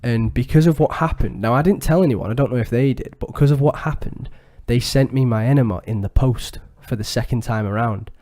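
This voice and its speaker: Crude, animated storyteller man. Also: mid-range voice, a little fast, hardly any pauses. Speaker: podcast co-host. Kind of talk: casual podcast chat.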